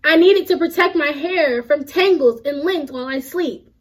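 High-voiced young woman reading a storybook. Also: moderate pace, poor audio. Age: young adult. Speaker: student storybook reader. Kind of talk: reading a children's picture book aloud.

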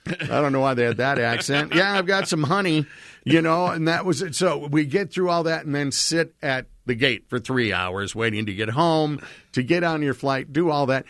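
A man's voice: a little high, expressive, moderate pace, a bit bright, no room sound, studio quality. A man telling a long, rambling personal travel story in casual chat, with lots of restarts.

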